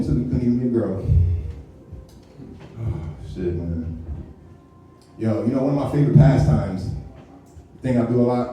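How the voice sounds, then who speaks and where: A man's voice: medium pitch, mellow. A man doing a live stand-up comedy set, talking loose and slangy with plenty of swearing and mock impressions. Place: comedy club stage. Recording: echoey venue picked up from a distance.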